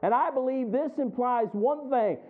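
A man's voice: very high-pitched, moderate pace. A man preaching a sermon in a folksy way, quoting scripture and acting out the voices of worried churchgoers. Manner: folksy, acts out the congregation's inner voices; laughs often between lines. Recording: tinny phone-like sound.

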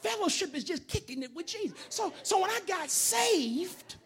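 A man preaching a sermon in a casual, everyday way, telling stories and shouting to stress his points. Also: very high-pitched, big pitch swings, normal speed. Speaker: pastor.

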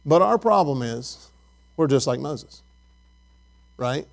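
A man's voice: on the high side, lively intonation, slow, creaky, long pauses. A man preaching a Bible lesson, asking his listeners questions and often repeating words as he goes.

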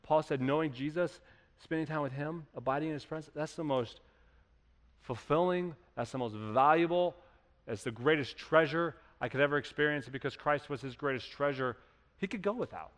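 High-voiced man preaching in a reverberant hall. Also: normal speed, fairly bright tone. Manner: conversational, building to emphatic peaks. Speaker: pastor. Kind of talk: sermon. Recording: long reverb of a church hall.

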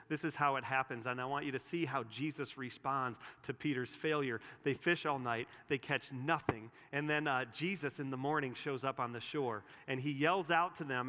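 Earnest male pastor preaching in a reverberant hall. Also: medium pitch. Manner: earnest, builds to emphatic peaks then drops soft. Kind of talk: sermon. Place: church sanctuary. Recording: long reverb of a large room.

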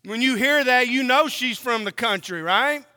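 Preacher, male, from Oklahoma; very high, bright delivery in a reverberant hall. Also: clean tone. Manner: emphatic, drawn-out preaching with rhetorical questions. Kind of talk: sermon.

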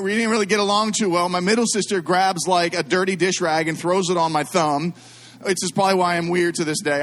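A middle-aged man preaching to a congregation, telling a story full of asides and jokes aimed at the crowd. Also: high voice. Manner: animated, self-deprecating, jokes with the audience. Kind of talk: storytelling sermon.

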